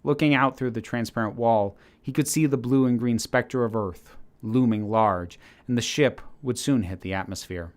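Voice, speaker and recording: A man narrating a story aloud in a steady, measured reading manner. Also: mid-range voice. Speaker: channel host reading his story. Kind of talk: audiobook-style story narration.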